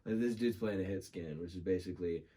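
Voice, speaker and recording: Husky-voiced man telling a gaming story. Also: deep voice, fast. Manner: animated, laughs often, swears freely. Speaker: podcast guest. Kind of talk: casual storytelling chat.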